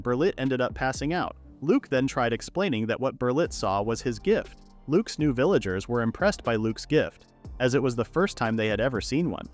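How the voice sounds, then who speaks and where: A man giving a scripted story recap narration in a steady storytelling read. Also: mid-range voice. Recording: narration with faint background music.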